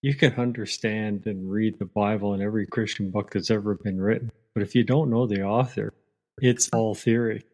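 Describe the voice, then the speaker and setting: Slightly low-voiced man hosting a faith interview. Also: fairly even intonation, moderate pace, a little mellow. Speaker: interviewer, ministry host. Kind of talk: reflective Christian interview talk.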